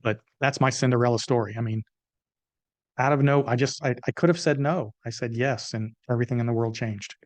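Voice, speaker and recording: A man's voice: medium pitch, brisk, dry recording. A man in his fifties spins a vivid story on a podcast, his voice rising and falling as he acts out the people in it. His middle-height tone sits close to the mic, dry with no room sound. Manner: animated storyteller, acts out dialogue. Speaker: guest, business consultant. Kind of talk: storytelling interview answer. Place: podcast recording.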